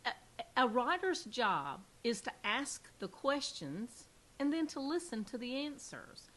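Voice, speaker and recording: A woman's voice: a little high, very animated, measured pace, a bit bright. A woman from the American South with a Southern accent, hosting a casual interview and chatting with restarts and fillers. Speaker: podcast host and mystery author.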